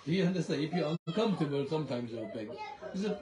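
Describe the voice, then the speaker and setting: Animated male preacher, echoey church hall. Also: fairly high pitch, quick pace, a crowd in the background. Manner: animated storytelling, non-native phrasing, frequent laughter. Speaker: pastor. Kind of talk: sermon with testimony. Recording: echoey room with congregation. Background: congregation responding.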